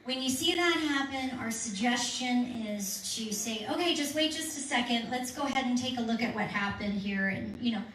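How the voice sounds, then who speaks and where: A woman's voice: fairly high pitch, moderate pace, few pauses, a bit bright, far from the mic. A woman leading a petition workshop, answering audience questions in an earnest, persuasive way with frequent restarts. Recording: echoey room recorded from afar, faint hum.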